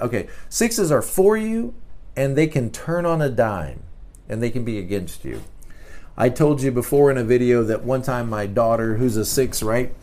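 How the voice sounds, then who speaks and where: A middle-aged man hosting a podcast, giving a casual talk as a teacher, animated and often repeating words. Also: mid-range voice, normal speed. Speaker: podcast host.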